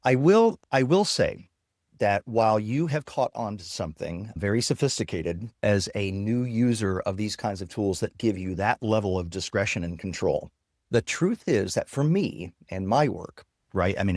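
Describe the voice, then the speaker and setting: A man with a lowish voice eagerly walks through a software demo as an interview guest. He explains things step by step in a dry, close-miked recording. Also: expressive, normal speed, no echo. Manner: enthusiastic, explanatory. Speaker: guest technologist. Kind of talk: casual interview with screen demo.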